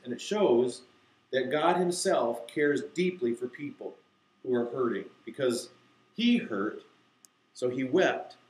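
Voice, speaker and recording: A man explaining to teachers how to teach a verse to children, acting out slow, deliberate recitation. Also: mid-range voice, a little mellow, reverberant, poor audio. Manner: demonstrates, reciting key phrases slowly and deliberately. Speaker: Bible teacher. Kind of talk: instructional talk to teachers.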